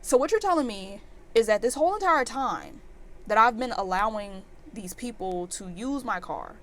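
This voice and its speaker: A woman in her twenties telling a storytime vlog in an animated, exasperated rant full of fillers. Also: a little high, normal speed. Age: 20s. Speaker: vlogger.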